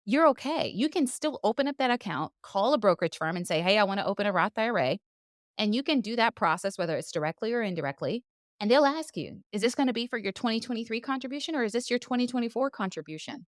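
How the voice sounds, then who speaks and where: Fast-talking woman podcast host, dry sound. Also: on the high side, sing-song, no echo. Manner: chatty, playful storyteller. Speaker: doctor. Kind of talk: casual podcast chat.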